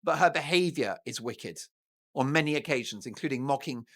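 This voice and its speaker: A man's voice: medium pitch, animated, a little fast, a bit bright. A British man hosting a talk show, giving mocking, sarcastic news commentary in a theatrical way. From Britain.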